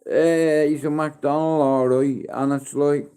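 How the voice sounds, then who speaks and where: Slow, mellow-voiced man in his fifties. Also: a little high, flat delivery, clear, resonant tone. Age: 50s. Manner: coaxing sing-song baby talk with sudden loud calls; rambling and heartfelt. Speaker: live streamer. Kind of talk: casual live stream chat.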